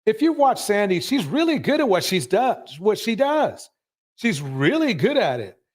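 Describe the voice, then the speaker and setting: A man's voice: sits high, sing-song, normal speed. A man hosting a live show, commenting emphatically and ranting about what he has just watched. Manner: emphatic, ranting, repeats himself.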